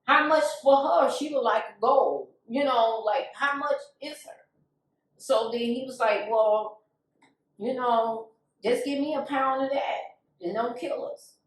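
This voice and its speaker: A woman's voice: high voice, takes it slowly, very echoey, recorded from a distance, poor audio. A woman giving a candid, emotional testimony, acting out the voices of people she quotes. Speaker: guest.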